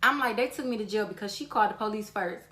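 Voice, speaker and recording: A woman's voice: medium pitch, fast talker. A young woman from the telling a storytime, swearing freely and acting out what people said. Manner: animated, swears freely, acts out quotes in a raised voice. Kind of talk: casual storytelling to camera.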